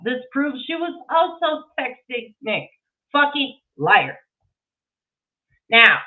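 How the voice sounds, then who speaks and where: A woman ranting angrily to her viewers, cursing heavily and speaking sarcastically, with a tinny, phone-like sound. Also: high-pitched. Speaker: online drama commentator. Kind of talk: angry profane rant to viewers.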